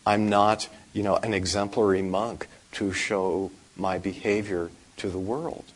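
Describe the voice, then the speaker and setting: A male Buddhist monk giving a dharma talk, speaking slowly and deliberately with wry humor. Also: low voice, level tone, poor audio.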